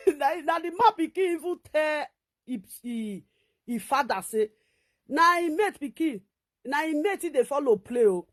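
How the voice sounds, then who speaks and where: A woman vlogger with a Nigerian Pidgin accent, telling a story in casual talk, animated and rising to near-shouts when she quotes others. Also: a little high. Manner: many fillers and restarts, recounting a dispute.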